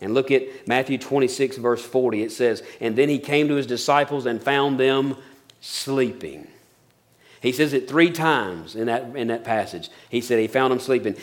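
A man preaching a sermon in a lively, down-home way. He slips into casual asides and acts out the lines of the scripture he is telling. His voice sits at an ordinary middle pitch. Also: moderate pace. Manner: folksy, animated preaching with colloquial asides and acted-out quotes. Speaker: pastor.

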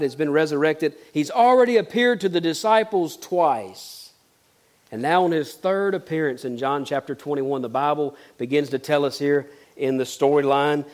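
Male preacher, high voice, dramatic storytelling sermon with folksy asides. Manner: storytelling, dramatic shifts from loud to hushed. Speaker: pastor.

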